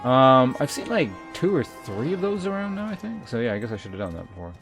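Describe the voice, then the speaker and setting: A man talks through his game stream in a loose, wandering way, thinking out loud and cursing offhand. His voice sits in a middle pitch with faint music underneath. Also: sing-song, fairly quick. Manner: chatty, muses aloud, swears casually. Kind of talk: casual gaming commentary.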